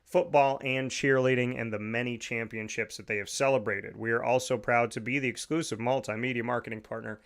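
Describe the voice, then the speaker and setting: A man's voice: medium pitch, fairly even intonation, a little fast, few pauses, a bit bright. A man hosting his own radio and podcast show in a studio, talking with upbeat enthusiasm and rattling off plugs and lists. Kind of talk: energetic show talk and sponsor plugs.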